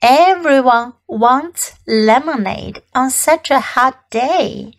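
A woman English teacher reading a picture book aloud slowly and clearly, then leading practice sentences. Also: sits high, lively intonation. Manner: slow, careful reading with repeated practice sentences.

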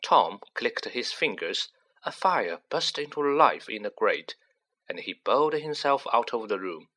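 Male audiobook narrator: slow, bright, lively in pitch. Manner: unhurried, expressive. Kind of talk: storybook narration.

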